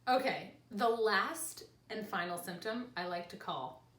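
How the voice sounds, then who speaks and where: A young woman chatting casually in a vlog from her home, animated and quick to laugh. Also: medium pitch, recorded from a distance, noisy background. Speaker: vlogger. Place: home room with cats. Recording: echoey room with faint ambience.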